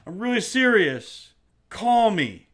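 A man's voice: high voice, sing-song, slow, a bit bright, pitched above the performer's own voice, exaggerated voice. A man imitating an overeager, insistent male buyer pestering about a truck. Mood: pushy.

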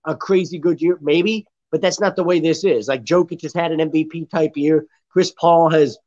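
A man's voice: on the high side, fairly even intonation, moderate pace, a little mellow. A man co-hosting a casual sports podcast who talks bluntly and rambles with lots of fillers. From Florida. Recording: dull lo-fi sound.

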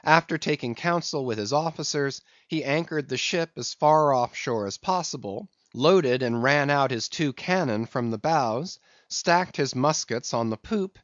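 Male audiobook narrator, plain steady reading, dry muffled recording. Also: medium pitch, a little slow, hardly any pauses, no room sound. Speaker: audiobook reader. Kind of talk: scripted narration.

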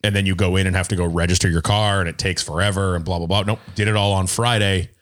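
Man, low voice, quick talker, casual podcast chat, animated storyteller. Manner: animated storyteller, acts out quotes, swears freely. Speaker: podcast co-host.

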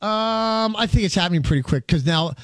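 A man with a slightly high, gravelly voice chats on air about his concert business. He tells his stories eagerly, stumbles and repeats words, and acts out what others said. The sound is dry and close. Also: a little fast, dry recording. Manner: excited storyteller, quotes people, repeats words. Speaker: guest, concert promoter. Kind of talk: casual radio chat.

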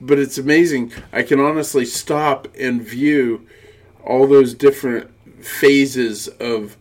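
A man's voice: mid-range voice, steady tone, slow pace. A man co-hosting a podcast in casual chat, reminiscing and quoting old TV shows. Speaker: podcast co-host.

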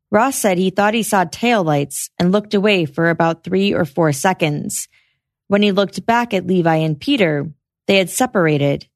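A woman hosting a podcast, giving a measured, scripted narration of a trial's testimony. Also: on the low side, no room sound, clean studio sound. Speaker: podcast host. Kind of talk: scripted true-crime narration.

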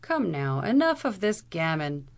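A woman voicing a gruff lower-class bailiff. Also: big pitch swings, measured pace, heavily acted. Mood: stern.

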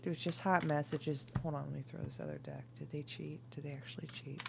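A tipsy woman doing a casual, rambling tarot reading, swinging between loud outbursts, laughter and whispers. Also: low-pitched, level tone, fast, gravelly, hardly any pauses, slight background noise. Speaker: tarot reader.

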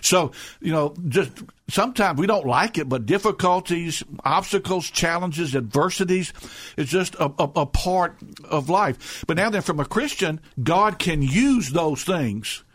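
A man's voice: fairly high pitch, animated, measured pace, fairly bright tone, no room sound, clean studio sound. A middle-aged man being interviewed as a rescue mission director, telling stories earnestly with many restarts and repeated words. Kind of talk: conversational radio interview.

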